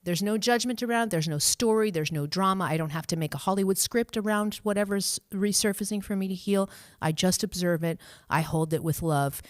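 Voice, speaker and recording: Gentle woman talking viewers thru a live session, lowish voice, dry close sound, laughs a lot. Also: dry recording. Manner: gentle, reassuring, laughs often; acts out inner voices in a high cheery tone. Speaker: spiritual coach hosting a live stream. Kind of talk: live-stream guidance, answering viewer questions.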